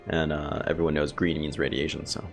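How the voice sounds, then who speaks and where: Very deep gravelly man gaming. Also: flat delivery, fairly quick. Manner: chatty, thinks aloud, talks to chat viewers. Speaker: gameplay video host. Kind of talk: casual let's play commentary. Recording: game music playing behind.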